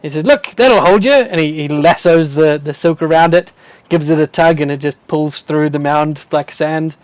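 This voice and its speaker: A man's voice: fairly high pitch, little pitch movement, normal speed, a little mellow, clean tone, dry recording. A man running a tabletop game as game master, narrating in a casual, playful way and laughing often.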